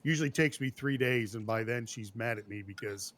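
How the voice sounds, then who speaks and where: A man's voice: mid-range voice, fairly quick, fairly bright tone. A man co-hosting a live cooking stream, speaking in a casual, hesitant way with many fillers and restarts. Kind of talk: casual chat.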